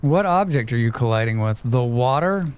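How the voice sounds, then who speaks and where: A man's voice: mid-range voice, lively intonation, moderate pace, darkish tone, clean tone. A man streaming a game, chatting casually with viewers, swearing freely and laughing often. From United States. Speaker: livestreamer. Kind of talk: casual chat while playing, reading chat aloud.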